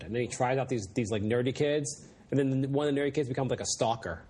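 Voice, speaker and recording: A man's voice: medium pitch, quick pace, darkish tone. A man co-hosting a podcast, chatting casually and rambling with lots of fillers. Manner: rambling, many fillers, acts out silly voices when retelling scenes. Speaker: podcast co-host. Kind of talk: casual chat.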